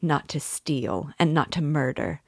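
A tormented young man confessing in slow, heavy words, as a woman reads him aloud from a novel. His lines rise into despairing cries, in a dry, close recording. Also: sits low, expressive, vocal fry, darkish tone, dry recording, full character voice. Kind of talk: audiobook reading.

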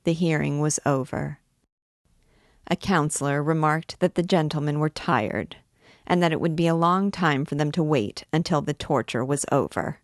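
A woman hosting a read-along, reading a classic novel in a measured, steady way. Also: deep voice, dry recording, studio quality. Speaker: reader, host. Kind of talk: audiobook reading.

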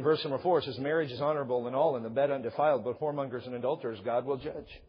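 A man preaching a sermon as pastor, animated, swinging between quiet asides and loud shouted points, quoting scripture and acting out stories. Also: fairly high pitch, slightly rough, big-room sound, muffled recording.

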